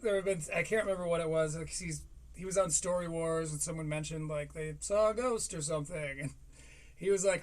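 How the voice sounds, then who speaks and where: High-voiced chatty male streamer. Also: recorded from a distance. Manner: chatty, self-deprecating, quick asides. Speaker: streamer host. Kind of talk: casual live-stream commentary.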